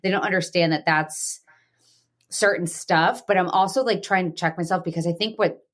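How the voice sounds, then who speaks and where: Frank, casual woman host with a lowish voice. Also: normal speed, fairly bright tone. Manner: frank, swears freely, many "like" fillers. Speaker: podcast host. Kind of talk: casual chat.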